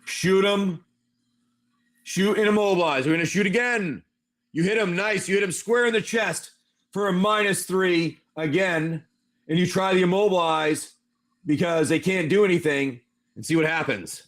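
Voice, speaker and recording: A man's voice: sits high, moderate pace, a bit bright. A man running a tabletop game on a live stream, narrating each move play by play. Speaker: game master.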